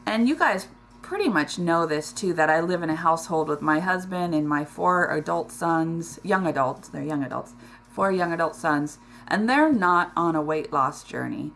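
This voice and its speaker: A middle-aged woman talking in a personal vlog, emotional and close to tears, halting with many ums and restarts. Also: fairly low pitch, animated, a bit bright. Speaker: weight loss vlogger.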